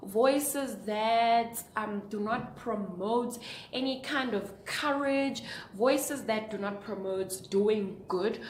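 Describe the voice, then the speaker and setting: A young woman vlogger giving an earnest, preachy motivational talk to camera, asking her viewers question after question. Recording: echoey room with faint rumble.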